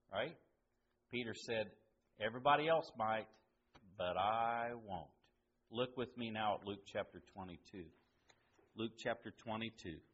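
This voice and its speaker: A man preaching a sermon, asking his listeners questions and swinging between loud emphasis and quiet, hushed lines. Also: fairly low pitch, lo-fi sound, slight background noise.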